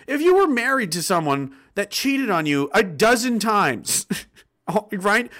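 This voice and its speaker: Animated, sarcastic Canadian man ranting. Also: high-pitched. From Nova Scotia, Canada. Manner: sarcastic, animated, swears, laughs often. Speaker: livestream host reading chat. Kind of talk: casual rant reading viewer comments.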